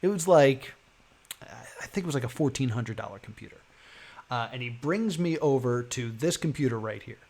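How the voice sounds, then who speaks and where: A man with a middling voice talks casually to his stream, chuckling as he tells his story. He swings between his plain voice and quick put-on voices for the people in it. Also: medium pitch, gravelly. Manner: animated, laughing, acts out the people in his story. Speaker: live streamer.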